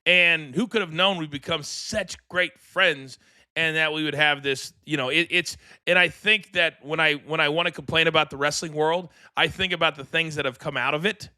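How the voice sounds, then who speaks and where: A middle-aged man co-hosting a podcast, chatting casually and telling lively anecdotes. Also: fairly high pitch, normal speed, clean tone, no room sound, studio quality. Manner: animated, acts out voices in anecdotes. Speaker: podcast co-host. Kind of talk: casual storytelling chat.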